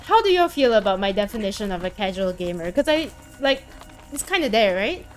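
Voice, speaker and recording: A woman's voice: mid-range voice, big pitch swings, fairly quick. A young woman streaming a video game, venting her frustration in casual chat with her viewers. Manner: exasperated, venting, chatty with viewers. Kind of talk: casual live-stream commentary.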